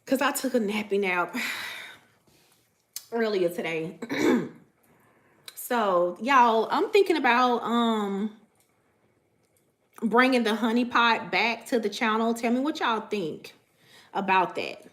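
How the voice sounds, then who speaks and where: A woman vlogging casually to her viewers about spiritual matters, animated and profane, laughing often. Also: a little high, slow, pauses often. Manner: profane, animated, laughs often, repeats "you know what I'm saying".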